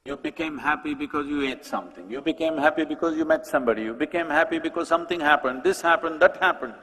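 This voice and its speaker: A man giving a public talk at a conference. He is animated, asks rhetorical questions and speaks straight to the audience. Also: a little high, fast. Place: large conference hall. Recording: long hall reverb.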